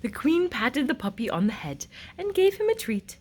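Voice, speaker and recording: High, sing-song woman storyteller. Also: sing-song, moderate pace, a little mellow, a little hiss or hum. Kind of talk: picture book read-aloud.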